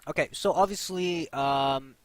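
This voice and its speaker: A man's voice: on the high side, measured pace, no room sound, rough recording. A young man hosting a casual 3D modeling tutorial, chatty, with lots of fillers and repeated key points. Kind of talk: casual screen-recorded tutorial.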